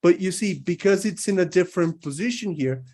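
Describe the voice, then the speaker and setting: A man's voice: high voice, brisk, a little mellow. A man from Brazil teaching English pronunciation in a recorded lesson, holding out vowel sounds to demonstrate them and checking in with his listeners again and again. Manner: checks in often with "right?".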